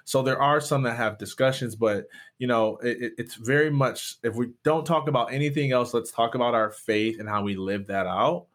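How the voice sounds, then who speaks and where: Earnest man pastor, animated storyteller. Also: medium pitch, normal speed, hardly any pauses. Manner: earnest, animated retelling with many restarts. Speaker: pastor, podcast guest. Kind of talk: candid storytelling and conversation.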